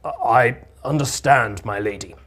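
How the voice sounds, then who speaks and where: A game master voicing a gruff, weary male bandit leader who speaks loudly. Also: medium pitch, a little slow. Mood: grudging.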